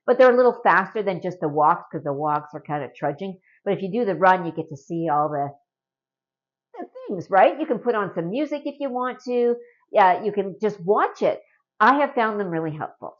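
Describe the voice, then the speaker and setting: A woman's voice: on the low side, highs cut off. Chatty earnest Canadian woman vlogging. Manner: chatty and earnest, with frequent rhetorical "right?". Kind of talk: casual talk to camera.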